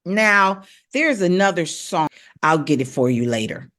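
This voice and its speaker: A woman coaching voice in a relaxed live stream, talking straight to her viewers. She repeats her points, checks in often and drops into quick rap lines and tongue twisters to show the drills. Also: on the low side. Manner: encouraging, repetitive, rapping drills aloud. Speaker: vocal coach.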